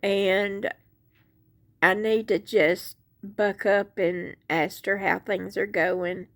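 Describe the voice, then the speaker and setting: A woman's voice: mid-range voice, little pitch movement, takes it slowly. A woman chatting to viewers about crochet from her bed at home, talking into a handheld phone in a folksy, rambling, self-deprecating way. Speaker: crochet vlogger. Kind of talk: casual chat to viewers.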